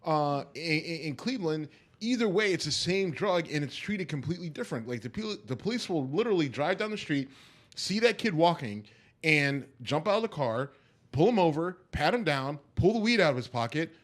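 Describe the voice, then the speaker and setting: A man's voice: fairly high pitch, expressive, a little fast. A man co-hosting a podcast, arguing his point emphatically in casual chat and checking in with "right?". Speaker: podcast co-host.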